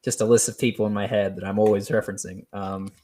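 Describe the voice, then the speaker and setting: A man hosting a solo show, talking off the cuff in a rambling, hesitant way with many pauses, restarts and small laughs. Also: fairly low pitch, little pitch movement, warm tone, a little hiss or hum. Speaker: podcast host. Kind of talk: unscripted solo commentary.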